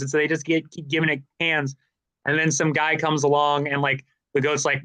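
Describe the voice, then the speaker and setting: A man's voice: a little high, little pitch movement, fast, bright, forceful tone, dry recording. A man chatting casually on a livestream, rambling and joking, laughing often.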